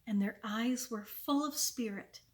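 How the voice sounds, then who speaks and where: A woman, a children's librarian, reading a chapter book aloud with clear, expressive storytelling. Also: on the high side, a little slow.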